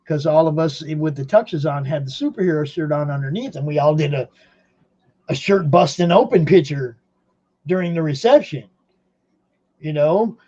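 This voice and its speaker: A man's voice: a little high, moderate pace, pauses often, mellow, dull audio. A man hosting a podcast from home in rambling casual chat, laughing often. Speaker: podcast host.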